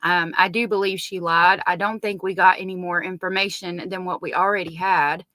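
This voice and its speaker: A woman's voice: lowish voice, steady tone, normal speed, pushed and bright, no echo. A woman with a Southern US accent hosting a casual true crime live stream, chatting and greeting viewers by name.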